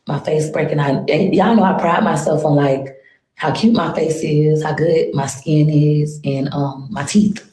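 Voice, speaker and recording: A woman's voice: sits low, measured pace, mellow. A woman rambling on a livestream, venting her frustration with sighs. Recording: echoey room.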